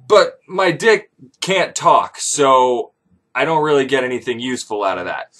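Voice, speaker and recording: A man's voice: medium pitch, a little slow. A man telling an ancient tale as a comic first-person story, rambling and profane. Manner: animated, profane, rambling jokes. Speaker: comedic storyteller.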